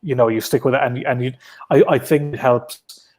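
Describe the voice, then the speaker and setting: An Irish man chats casually on a video call, rambling through his thoughts with lots of ums and restarts. His voice sits at an ordinary middle pitch, neither deep nor high. He sounds like a guest answering questions in a relaxed online interview. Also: normal speed. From Ireland. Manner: rambling, many fillers and restarts. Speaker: comic book writer guest.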